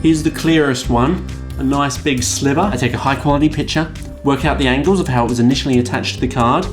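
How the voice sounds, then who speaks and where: A man's voice: medium pitch, steady tone, quick pace, soft background music. A man, telling a comedic rant about a customer-support mishap in a wry, self-deprecating way. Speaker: vlogger.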